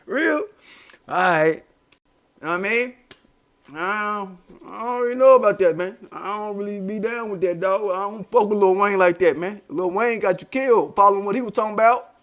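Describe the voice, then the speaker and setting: A man with a fairly high voice and delivers a heated commentary monologue. He leans on street slang and profanity, repeating himself for emphasis as he rants to his audience. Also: normal speed, a bit bright. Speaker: commentary channel host.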